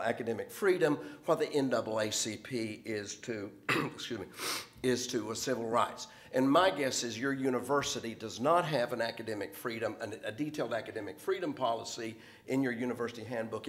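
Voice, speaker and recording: A man's voice: medium pitch, brisk. A middle-aged man, a professor, speaking on a panel in an explanatory, lecturing way. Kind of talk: panel talk.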